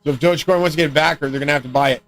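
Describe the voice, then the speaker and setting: A man's voice: a little high, rapid-fire, fairly bright tone, slight background noise, poor audio. A man streaming alone, rambling and swearing as he talks. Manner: profane, rambling rant. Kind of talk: rambling livestream talk.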